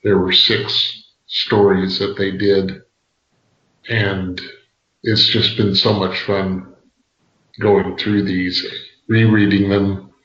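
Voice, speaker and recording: A man on a podcast giving a casual book review in a measured, halting way. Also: low-pitched, little pitch movement, a bit bright. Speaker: podcast co-host. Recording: echoey, dull podcast audio.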